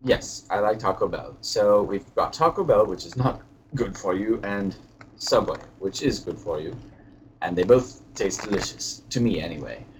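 A man's voice: on the low side, normal speed, slight background noise, lightly acted, low-quality recording. A man doing a hiccuping pompous British lord. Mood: rambling. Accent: put-on British. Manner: rambling, hesitant, genteel phrasing. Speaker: podcast co-host. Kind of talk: comedic podcast character chat.

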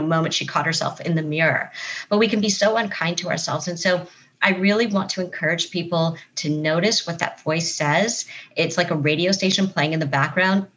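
A woman's voice: on the low side, fairly bright tone, dull audio. A woman psychotherapist talking as an interview guest, earnest and explanatory. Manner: earnest, explanatory, acts out quoted voices. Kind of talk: conversational interview.

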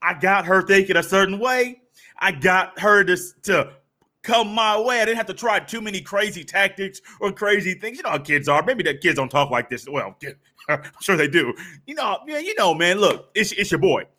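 A young man hosting a sports podcast, talking casually and acting out little scenes with animated swings in pitch and pace. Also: moderate pace. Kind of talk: casual monologue with storytelling.

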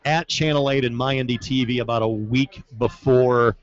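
A man's voice: medium pitch, normal speed. Laid-back man telling broadcast stories. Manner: relaxed storyteller, acts out quotes. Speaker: soccer play-by-play broadcaster, guest. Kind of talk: casual podcast chat. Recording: dull lo-fi podcast audio.

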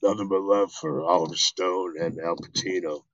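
A middle-aged man, a guest actor, telling animated, profane stories in an interview. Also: sits low, normal speed, no room sound, lo-fi sound. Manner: animated, profane storytelling with acted quotes. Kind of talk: storytelling interview.

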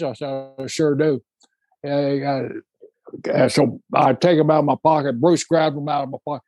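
A man in his sixties, co-hosting a casual chat and telling road stories in a folksy, drawn-out way. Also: on the high side, flat delivery, a little mellow, dry recording. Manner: folksy, drawn-out storytelling with laughs. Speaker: podcast co-host.

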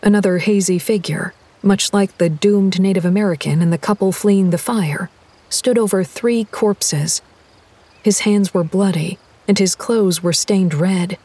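A woman reading a horror audiobook in a measured, deliberate storytelling voice. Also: mid-range voice, warm tone, slightly rough, no room sound. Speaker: narrator. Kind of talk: scripted horror audiobook narration.

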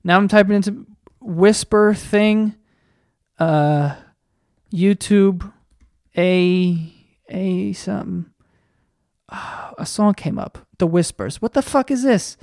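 A man's voice: high voice, slow, vocal fry, pauses often, a little mellow, no echo, studio quality. A man hosting a podcast, chatting casually in a profane, rambling, sarcastic way while he searches online. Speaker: podcast host. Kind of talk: casual comedic rant.

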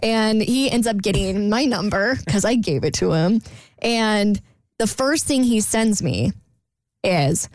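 A woman's voice: medium pitch, animated, takes it slowly, a little mellow, dry recording. A woman co-host on a radio show, animatedly recounting a dating app exchange in casual chat.

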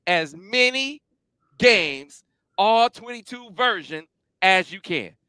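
A high-pitched male host talks in an energetic, emphatic, playful way. His voice is bright and crisp, recorded dry and close with no room sound. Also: slow pace, no echo. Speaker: podcast host. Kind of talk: casual sports show chat.

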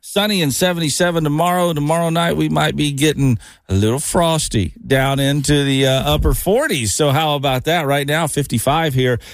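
A man's voice: fairly high pitch, fairly quick, hardly any pauses, no room sound. A man hosting a morning radio show, joking and laughing with his co-hosts and slipping into a sing-song announcer voice.

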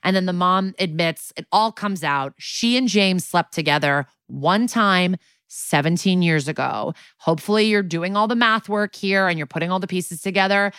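A woman's voice: fairly low pitch, moderate pace, a bit bright, smooth, no room sound, clean studio sound. A woman podcast co-host giving a casual, chatty recap of a TV episode, full of "like" and the odd swear word.

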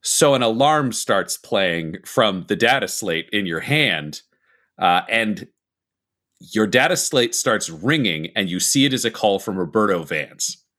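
A man's voice: fairly low pitch, animated, a little slow, sharp tone. A man running a tabletop game as game master, explaining setting details at length and asking the players for their actions. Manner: detailed, explanatory lore talk.

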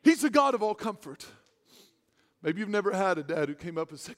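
A male pastor preaching a sermon, swinging between loud, excited preaching and hushed, tender speech. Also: fairly high pitch, fairly quick, big-room sound. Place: church hall.

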